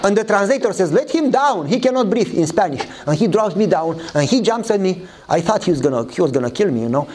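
Guy preaching, high voice that jumps all over, acts out the people in his story, bit of background hiss. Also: quick pace, hardly any pauses. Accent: Eastern European. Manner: animated storytelling, acts out dialogue in a higher voice. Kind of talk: sermon with acted-out story.

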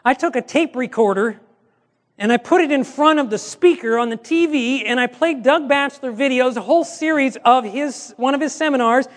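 A male pastor with a notably high-pitched voice teaches in a relaxed, conversational way, slipping into quoted back-and-forth exchanges to make his points. His voice rings out with a long reverb, as if he were speaking in a large hall. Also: moderate pace. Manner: conversational, acts out quoted dialogue. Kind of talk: teaching seminar talk.

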